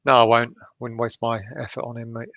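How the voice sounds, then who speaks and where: A man's voice: medium pitch, completely flat delivery, fairly quick, a bit bright, no echo, lo-fi sound. A man co-hosting a casual fan live stream, blunt and often laughing.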